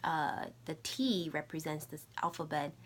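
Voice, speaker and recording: A woman teaching a recorded language lesson, running slow repeat-after-me drills and dropping to soft, whispery asides between them. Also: low-pitched, a little hiss or hum. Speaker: Mandarin teacher.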